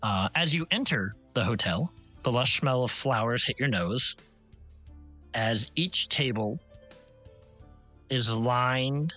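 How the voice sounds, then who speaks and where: A man's voice: mid-range voice, lively intonation, takes it slowly, long pauses, pushed and bright. A man narrating a tabletop game as game master, describing scenes in detail and often correcting himself mid-sentence. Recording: slightly muffled stream audio, faint music.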